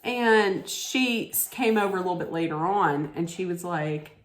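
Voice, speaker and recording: A woman's voice: lowish voice, steady tone, brisk. A middle-aged woman telling a personal story in casual chat, rambling with many fillers and restarts. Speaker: vlogger. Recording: echoey room.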